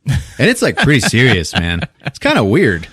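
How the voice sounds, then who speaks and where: A man's voice: mid-range voice, huge pitch swings, moderate pace, a bit bright, husky, dry recording, studio quality. A man casually recapping a film on a podcast, acting out the characters' lines, laughing often and swearing freely. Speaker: podcast host.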